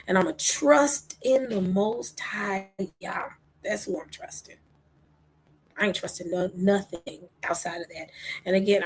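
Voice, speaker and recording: A woman giving impassioned religious commentary, asking rhetorical questions and dropping into whispers between loud outbursts. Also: mid-range voice, slightly rough, rough recording. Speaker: online talk host.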